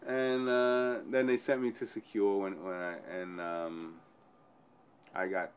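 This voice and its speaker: A man's voice: deep voice, measured pace, slight background noise. A man telling a personal story in an interview, rambling and often repeating and restarting his phrases.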